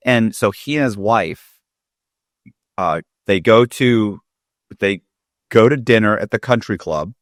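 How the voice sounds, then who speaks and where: A man with a low voice spins a loose story in relaxed podcast chat. He circles back, restarts phrases and leans on fillers. The sound is dry and close. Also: no room sound. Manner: rambling, many restarts and fillers. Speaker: podcast guest. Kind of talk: casual storytelling.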